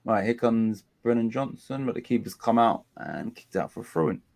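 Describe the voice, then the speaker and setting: A man, hosting a casual live watchalong of a football match. He complains about dull play and gets excited during attacks. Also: lowish voice, normal speed, creaky. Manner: chatty, groans at a dull game, excited bursts at attacks. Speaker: watchalong host.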